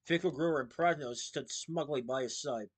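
A man reading a children's book aloud, steady with small slips and restarts. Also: on the high side, normal speed.

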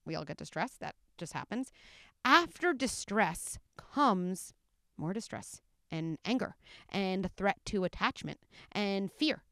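A woman appears as an expert guest and explains ideas step by step in a measured way. Her voice is clear and smooth, and it sits at an everyday pitch. The sound is close and dry. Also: a bit bright, no echo. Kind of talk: conversational interview.

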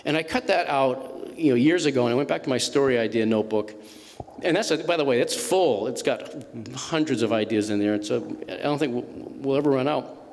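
A man in his fifties tells stories to an audience in an animated way, stopping and restarting mid-sentence. He has a mid-range voice, and a long hall reverb trails behind it. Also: medium pitch, fairly quick, a little hiss or hum. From Massachusetts. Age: 50s. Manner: animated anecdotal storytelling, restarts. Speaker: author speaking at a book event. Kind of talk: storytelling talk to an audience.

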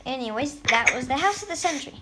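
A woman, a gameplay video creator, gives casual, playful commentary on her own gameplay and chats to the animals in the game. Her high voice is animated and quick. There is loud background noise.

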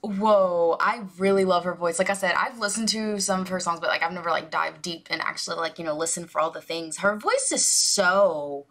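A woman's voice: lowish voice, moderate pace, few pauses, fairly bright tone. A woman hosting a music reaction video, gushing and rambling with lots of fillers. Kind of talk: casual music reaction commentary.

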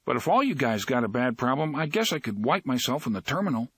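A man's voice: medium pitch, very animated, quick pace, fairly bright tone, slightly rough, no room sound, studio quality, exaggerated voice. A male narrator voicing a cocky young man who talks in a glib, joking, falsely innocent way in an audiobook. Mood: smug joking. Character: cocky young man, smug wisecracking joker.

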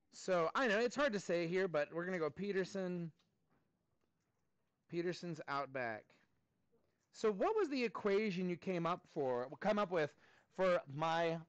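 A man's voice: high-pitched, dry recording, low-quality recording. A man teaching a math class in a classroom, playful and coaxing with his students.

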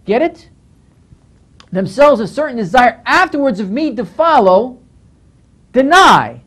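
A man teaching scripture as a pastor, with a lively voice that swings widely up and down. He talks emphatically, scolds now and then, and repeats phrases as he works through each point. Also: extremely high pitch, a little slow. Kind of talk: Bible teaching lecture.

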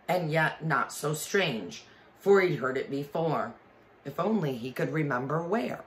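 A man reading a children's storybook aloud with expression, pausing to explain the story to listeners. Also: fairly high pitch, animated, a bit bright, slight background noise. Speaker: reader.

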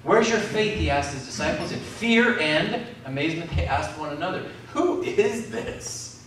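A man's voice: fairly high pitch, lively intonation, fairly quick, fairly bright tone, slight background noise. A man preaching a sermon, calling out questions to the congregation. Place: community centre hall. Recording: echoey hall from far off.

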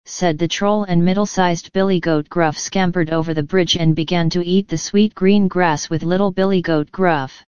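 A woman telling a children's story in a careful, clear reading for learners. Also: fairly low pitch, fairly even intonation, normal speed, few pauses, darkish tone, no echo, dull audio. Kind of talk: scripted storybook narration.

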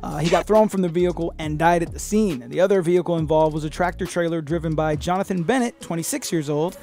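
Creaky high-pitched man riffing profanely. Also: quick pace, faint music behind. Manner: profane, animated, puts on voices when quoting people. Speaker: podcast host. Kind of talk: comedic headline reading and riffing.

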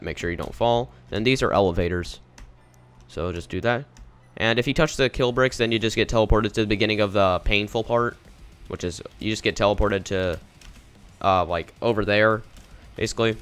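A man's voice: lowish voice, a little fast, a bit bright, smooth, soft background music. A young man casually talking through a game walkthrough in a rambling, offhand way. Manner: rambling, casual, easily confused. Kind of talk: casual gameplay commentary.

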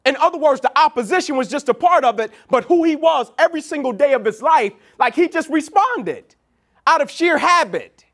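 A man's voice: very high-pitched, normal speed. A man giving a motivational keynote speech, telling stories and acting out what people said. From Atlanta, USA. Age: young adult. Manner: storytelling, animated, quoting people in dialogue. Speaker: keynote speaker. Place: large event venue.

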